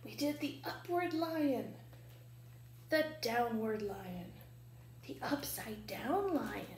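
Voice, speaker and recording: Woman librarian, children's storytime, playful, slow unhurried pace, echoey library room. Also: on the high side, slight background noise. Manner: playful, animated, asks children questions. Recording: echoey room, faint ambience.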